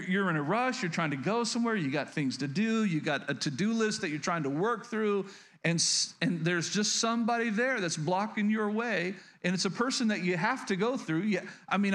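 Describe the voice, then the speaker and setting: High-voiced man preaching earnestly. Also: a bit bright. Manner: earnest and confessional, with many restarts and questions to the congregation. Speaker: pastor. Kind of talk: sermon.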